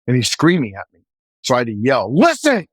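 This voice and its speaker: An earnest man tells a personal story with animated emphasis. His voice sits at a middle pitch and sounds dry and close. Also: fast, no echo. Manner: earnest, animated, shouts in quoted lines. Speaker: former navy chief and police officer, guest. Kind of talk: casual storytelling.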